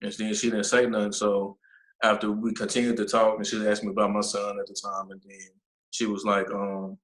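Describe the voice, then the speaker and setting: A man, a nonprofit founder, telling a personal story in an interview, halting and pausing often with fillers. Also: on the low side, monotone, fairly bright tone, roomy sound, poor audio. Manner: halting, with many pauses and fillers.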